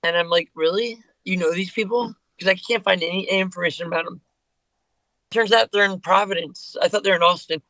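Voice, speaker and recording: High-voiced, rambling man in casual chat. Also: steady tone, fast, pushed and bright, no echo, rough recording. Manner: rambling, with many fillers and restarts. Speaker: guest musician. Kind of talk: casual podcast conversation.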